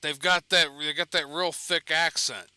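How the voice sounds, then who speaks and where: A man's voice: on the high side, steady tone, moderate pace, pushed and bright, smooth, dry recording. A man giving casual, rambling gameplay commentary while streaming, swearing and laughing between asides. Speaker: gaming streamer.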